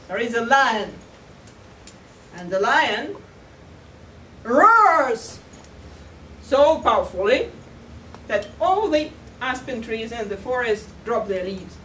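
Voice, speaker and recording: Woman, humorous storytelling speech, playful, high lively voice, slow deliberate pace, echoey hall, distant mic. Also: slight background noise. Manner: playful, chuckles at her own jokes. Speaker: contest speaker. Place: large hall at a cultural center.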